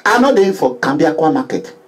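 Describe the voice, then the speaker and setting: A middle-aged man with a Nigerian accent from Edo State preaches a political monologue in a high, restless voice. His pitch leaps around as he moves between hushed pleading and loud declaiming, breaking into chanted refrains. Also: very animated, a little fast, poor audio. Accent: Nigerian English with Pidgin. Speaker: political activist vlogger.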